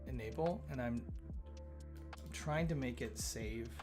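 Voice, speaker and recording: A man's voice: medium pitch, takes it slowly. A man hosting a live coding stream, chatting casually and thinking aloud, often stammering and repeating words. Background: faint chill background music.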